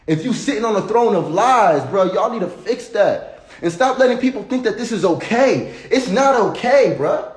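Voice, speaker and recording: A man's voice: sits high, expressive, moderate pace, echoey room. A young man in a passionate, swearing monologue, preaching at his viewers and calling them bro. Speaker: online personality.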